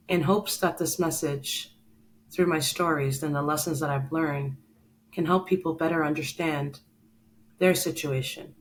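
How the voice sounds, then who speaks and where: A woman's voice: low-pitched, slight background noise, low-quality recording. A woman hosting a show, telling a personal story in an earnest, emotional way and speaking straight to the listener. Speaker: podcast host.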